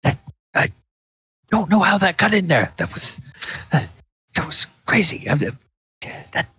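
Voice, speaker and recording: A man voicing a rattled husband who talks fast and grumbles. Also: high-pitched, sing-song, pushed and bright, slightly rough, dry recording, voice pushed up, heavily acted.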